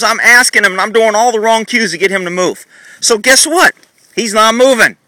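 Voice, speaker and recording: A blunt, sarcastic man explains horse training as he rambles on. His voice sits high for a man and rings very bright. The sound is dry, from a phone filming outdoors in a paddock. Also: normal speed, no echo, low-quality recording. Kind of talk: casual teaching vlog. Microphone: phone camera held while filming.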